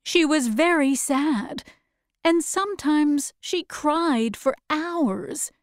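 A woman narrating a storybook in slow, clear, careful reading. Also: sits high, no room sound, clean studio sound.

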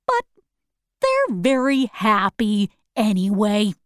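A woman doing a calm old wizard. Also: medium pitch, slow, clean tone, no echo, studio quality. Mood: reassuring. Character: small old man, a kindly wizard.

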